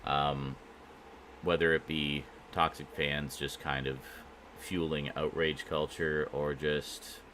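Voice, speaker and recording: A man's voice: rumbling low, little pitch movement, takes it slowly, fairly bright tone, a little hiss or hum. A man hosting a casual live stream, chatting with viewers in a rambling way full of fillers and restarts.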